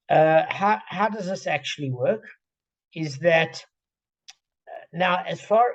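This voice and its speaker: A Talmud study leader explains a page to his friends on a video call, thinking aloud and restarting often amid plenty of fillers. His voice sits on the high side, gravelly and darkish, and the sound is lo-fi.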